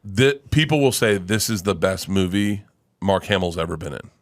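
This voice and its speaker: A man's voice: low-pitched, animated, normal speed. A man telling stories as a guest comedian in a studio, laughing often and swearing freely. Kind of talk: casual storytelling.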